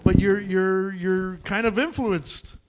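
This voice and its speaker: A man hosting a live podcast, his voice sitting a touch high for a man. He chats with his guest in a relaxed, rambling way, full of fillers. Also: slow, background noise. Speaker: podcast host. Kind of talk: casual chat with guest. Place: live stage venue.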